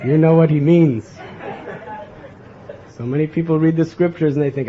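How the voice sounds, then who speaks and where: A man's voice: on the high side, normal speed, crowd noise, background noise. A man giving a devotional lecture, earnest and often turning to the audience with a questioning "huh?". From America. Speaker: spiritual teacher giving a lecture. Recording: dull lo-fi lecture recording with faint ambience.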